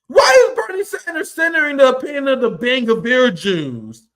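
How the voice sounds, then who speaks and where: A young man with a strikingly high, bright voice delivers combative political commentary. His pitch leaps around as he mocks and swears. The tone is sharp and relentless. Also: big pitch swings, normal speed. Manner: combative, profane, mocking.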